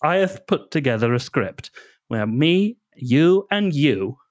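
Man, comedy podcast host, lively pitch, quick playful delivery, laughing often.

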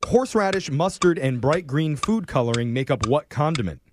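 A man's voice: on the high side, lively intonation, a little fast, noisy background. A man hosting a radio game show, reading trivia questions in a playful quizmaster manner.

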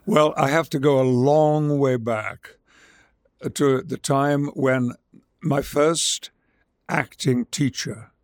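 An older English actor from Yorkshire with a gravelly voice, speaking in trained stage English in a measured, theatrical interview manner. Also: male voice, medium pitch, steady tone. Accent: English, trained stage speech. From Yorkshire, England. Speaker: actor, guest. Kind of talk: interview conversation and dramatic verse reading.

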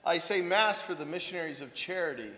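Chatty priest in an echoing hall. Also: male voice, a little high, expressive, brisk, pushed and bright. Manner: self-deprecating, conversational storytelling with frequent "right?". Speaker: priest and monk. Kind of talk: anecdotal sermon talk.

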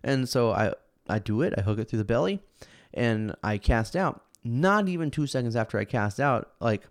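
A laid-back man talking casually as a podcast host, his voice sitting in a middle pitch. He rambles with lots of fillers and restarts and livens up when telling a story. The recording is dry and close, with no room sound. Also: lively intonation, moderate pace, no echo. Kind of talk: casual chat.

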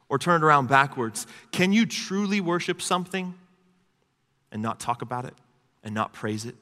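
A man's voice: mid-range voice, bright, forceful tone. A man preaching a sermon in a conversational manner, with asides to his congregation. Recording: long hall reverb.

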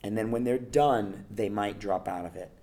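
In an interview, a male acting coach hands out casual, animated advice, frequently checking in with "right?" and "you know". His voice is fairly low and his pace moderate.

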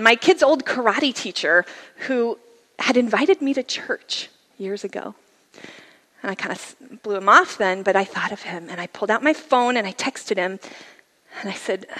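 A middle-aged woman giving a personal testimony from a church stage, her voice sitting a touch above the usual range for a woman. She tells it earnestly and conversationally, now and then dropping to a soft, hushed tone. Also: on the high side, big-room sound. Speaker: guest speaker sharing a testimony. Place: church service.

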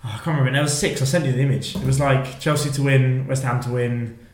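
Man, podcast co-host, fast rambling talk, casual football chat, roomy echo. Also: mid-range voice, level tone, a little mellow. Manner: rambling, quick and chatty. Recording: echoey room.

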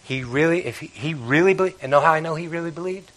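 A man preaching a sermon, swinging between loud urgent bursts and quiet reflective passages, often restarting phrases and calling out hallelujah. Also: fairly high pitch, fast talker, rough recording. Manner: repeats and restarts phrases, calls out hallelujah and amen. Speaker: pastor.

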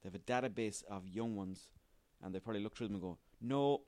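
A man's voice: fairly low pitch, steady tone, fast talker, darkish tone, no room sound. A man hosting a solo comedy podcast, sweary, rambling and self-mocking. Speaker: podcast host.

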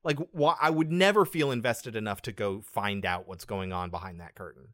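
A podcast co-host who backs up the other host with quick agreement and mocks the film in an animated, joking way. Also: medium pitch. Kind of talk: casual movie review chat.

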